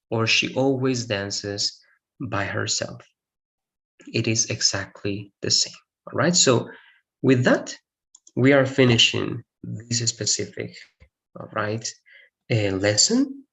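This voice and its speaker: A man teaching an English grammar lesson, explaining patiently, repeating examples and checking in with "all right?". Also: medium pitch. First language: Spanish.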